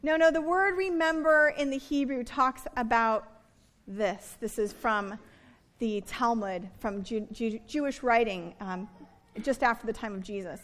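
A woman preaching a sermon in a conversational, animated way, with playful asides to her listeners. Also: a little high, a little slow.

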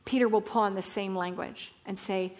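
A woman's voice: medium pitch, steady tone, moderate pace, darkish tone. A woman teaching Bible stories to a group, telling them with animation and asking listeners to repeat words.

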